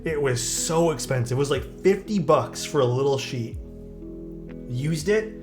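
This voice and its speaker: A man's voice: medium pitch, expressive, measured pace. A young man on a live stream, chatting casually with his viewers while he works on a keyboard, talking loosely with lots of fillers. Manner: chatty, answers chat while working, loose filler-heavy talk. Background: faint music.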